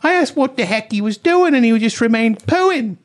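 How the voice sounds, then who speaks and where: Man doing a hammy, high-pitched mock British lady, outraged and self-righteous, accent wandering. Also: lively intonation, moderate pace. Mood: indignant. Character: put-on British woman telling off a man.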